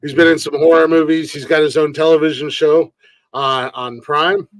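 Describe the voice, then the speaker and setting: A man hosting a casual comedy news podcast, relaxed and joking, rambling with fillers. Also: fairly high pitch, normal speed, no room sound, poor audio. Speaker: podcast host.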